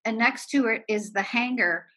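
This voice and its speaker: A woman in her sixties from Erie, a film producer guest, telling lively anecdotes and laughing often. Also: fairly high pitch, normal speed. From Erie, Pennsylvania. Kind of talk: anecdotal storytelling.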